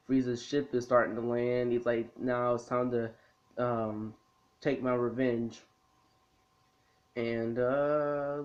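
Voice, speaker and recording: A man casually recapping a cartoon episode for his video review, rambling with lots of ums and restarts. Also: mid-range voice. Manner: rambling, full of ums and restarts, laid-back. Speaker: anime review vlogger. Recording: slightly muffled lo-fi recording.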